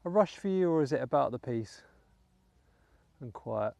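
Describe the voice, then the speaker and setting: A British metal detecting host chats his way through a dig in a soggy field, easygoing and given to little muttered asides. His mellow, relaxed voice is medium-pitched, creaky and at a normal pace. The audio is close and dry with no room sound, fitting the casual vlog commentary.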